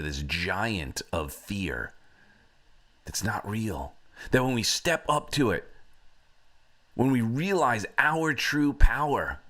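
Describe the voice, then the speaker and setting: A man's voice: medium pitch, sharp tone. A man hosting a motivational talk, telling a story in a conversational, reflective way. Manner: conversational, reflective, with frequent fillers. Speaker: host.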